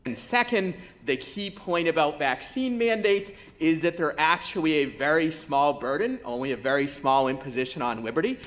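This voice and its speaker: Measured man giving a debate speech. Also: fairly high pitch, lively intonation, fairly bright tone. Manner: measured and methodical, lays out numbered points.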